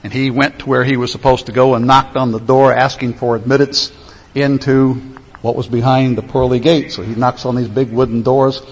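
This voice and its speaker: A man preaching a sermon, emphatic, stretching key phrases slowly. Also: mid-range voice, flat delivery. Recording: echoey hall, dull lo-fi sound.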